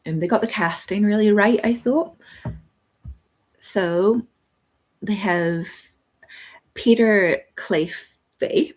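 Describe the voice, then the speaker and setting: A woman's voice: on the low side, darkish tone. A woman hosting a live book club stream, rambling casually about a TV episode and thinking aloud with lots of ums.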